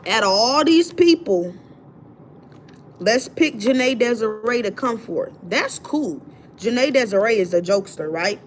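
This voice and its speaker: A woman's voice: medium pitch, a little hiss or hum. Woman ranting emphatically on a livestream. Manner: emphatic, repetitive, slangy storytelling. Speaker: livestream host. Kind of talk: casual livestream rant.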